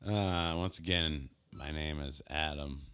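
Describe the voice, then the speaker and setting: Very deep-voiced young man co-host. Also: fairly even intonation, takes it slowly, pushed and bright, clear, resonant tone. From United States. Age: young adult. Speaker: podcast co-host. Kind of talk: casual chat.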